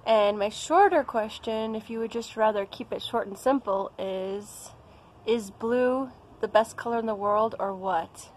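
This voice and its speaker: Young American woman, vlogger, rambling playful chat, slightly high voice, faint noise behind. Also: measured pace, rough recording. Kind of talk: casual vlog chat.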